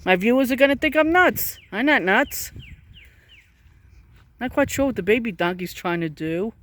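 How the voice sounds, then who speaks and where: A woman's voice: fairly high pitch, expressive, normal speed, fairly bright tone. A woman vlogging outdoors in a pasture, chatting to cows and donkeys in a coaxing, baby-talk way while filming on a handheld camera. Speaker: vlogger filming farm animals.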